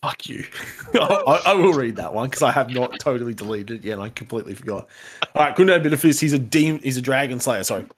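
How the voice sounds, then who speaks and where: A man's voice: medium pitch, lively intonation, fast talker. A man hosting a casual podcast, rambling and swearing, often restarting his sentences.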